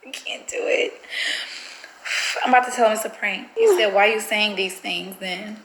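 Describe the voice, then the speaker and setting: A woman's voice: mid-range voice, fairly quick. Woman vlogger, chatty, nervous, addresses viewers, echoey room with faint hiss. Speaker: vlogger pulling a prank on her partner. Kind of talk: casual vlog chat.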